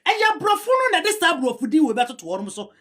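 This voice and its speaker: A woman's voice: sits high, very animated, fast talker, fairly bright tone. A woman with a Ghanaian accent giving heated commentary, rebutting a historian and switching between a local language and English. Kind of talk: argumentative commentary.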